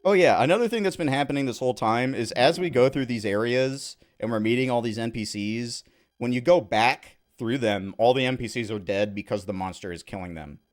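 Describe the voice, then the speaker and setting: A man's voice: medium pitch, brisk. A man from Southern California giving casual gameplay commentary as a streamer, with laid-back, rambling asides.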